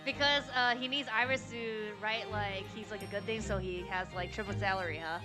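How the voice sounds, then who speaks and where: A woman's voice: mid-range voice, fairly even intonation, a little fast. A woman streamer chatting casually with her viewers in a rambling, filler-heavy way. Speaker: VTuber streamer. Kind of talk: casual game stream chat. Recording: game music behind the voice.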